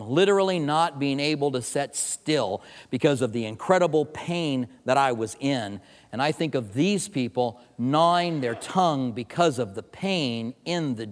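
A middle-aged man preaching a sermon, telling a personal story with animated, self-mocking humor. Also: medium pitch. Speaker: pastor. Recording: long reverb of a large hall.

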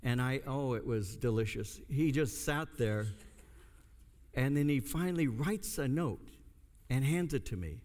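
A man's voice: mid-range voice, expressive, unhurried, darkish tone. An older man, a pastor, preaching a sermon and telling a story with comic asides. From United States. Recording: long hall reverb.

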